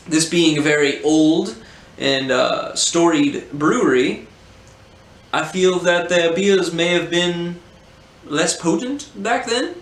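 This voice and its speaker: A man's voice: a little high, fairly bright tone, voice pushed up. A man putting on a hammy posh beer snob. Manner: theatrical, savoring pauses. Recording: roomy echo, faint hum.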